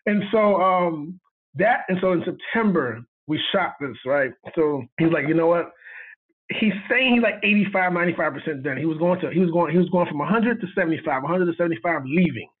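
An animated man tells a story, slipping into the voices of the people he quotes and laughing as he goes. His voice sits high and husky. It comes through a tinny, phone-like line. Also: a little fast. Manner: animated, acts out quoted dialogue, laughs often. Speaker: guest cinematographer. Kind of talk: storytelling in casual chat.

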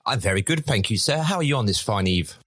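A man's voice: on the low side, animated, fast, a bit bright, breathy edge, no echo, studio quality. A man with a posh English accent, co-hosting a podcast with joking banter. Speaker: co-host. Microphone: podcast studio mic.

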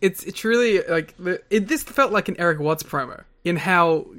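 A man's voice: high-pitched, normal speed, a bit bright. A man co-hosting a casual podcast, reacting with exasperation and frequent laughs. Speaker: podcast co-host. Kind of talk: casual wrestling podcast chat.

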